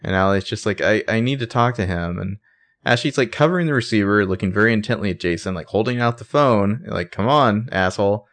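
Sarcastic low-voiced man recapping a show. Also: fast talker, a bit bright. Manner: sarcastic, swears freely, narrates scenes with quoted lines. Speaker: podcast co-host recapping a TV episode. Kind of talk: casual chat.

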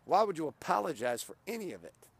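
A man's voice: a little high, sing-song, fast talker, creaky, slightly rough, no echo. A middle-aged man giving a blunt, profane motivational monologue as a podcast host.

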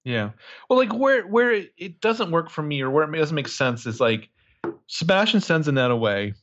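A man's voice: on the high side, very animated, normal speed, fairly bright tone, highs cut off. A man casually recapping a movie as a podcast co-host, crude and joking, rambling with lots of fillers.

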